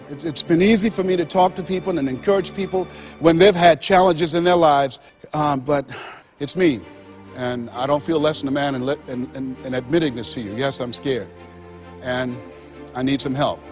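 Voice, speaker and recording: A man giving a motivational speech, telling stories and swinging between loud exhortation and hushed, confessional moments. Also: on the high side, moderate pace, highs cut off, soft background music. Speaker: motivational speaker.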